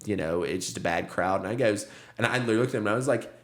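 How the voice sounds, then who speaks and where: A man's voice: on the low side, rapid-fire, fairly bright tone. A young man and stand-up comic, casual podcast storytelling, rambling and swearing, acting out what people said and laughing often. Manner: rambling, swearing, acts out quotes, laughs a lot. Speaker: comedian, podcast host.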